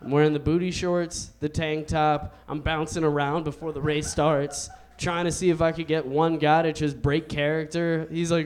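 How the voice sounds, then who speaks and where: A young man with a notably high speaking voice works a comedy club stage, talking into a handheld mic. His delivery is loose and laid-back, stretching out the punchlines of a stand-up set. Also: flat delivery, moderate pace, few pauses, a little mellow, smooth. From United States.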